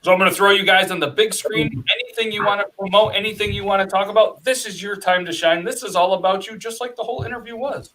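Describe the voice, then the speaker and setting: A man hosting a casual podcast from his home studio, joking with quick asides as he reads out viewer comments. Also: high voice, fairly even intonation, pushed and bright, poor audio. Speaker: podcast host. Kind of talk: casual chat.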